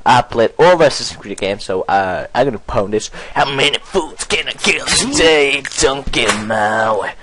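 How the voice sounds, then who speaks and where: Goofy, excitable young male gamer. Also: mid-range voice, moderate pace, few pauses, no room sound, low-quality recording. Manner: goofy and excitable, breaks into silly singing and swearing. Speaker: gameplay commentator. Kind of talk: casual let's play commentary.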